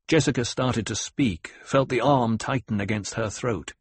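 A man narrating an audiobook in a measured, dramatic storytelling manner, with a husky voice. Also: medium pitch, no room sound. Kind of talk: scripted narration.

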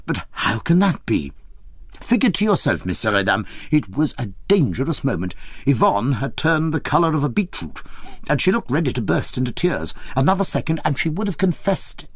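A man reading an audiobook, telling the story in an expressive, wry way. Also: a little high, a little fast, no room sound. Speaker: audiobook reader. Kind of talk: audiobook narration of a memoir.

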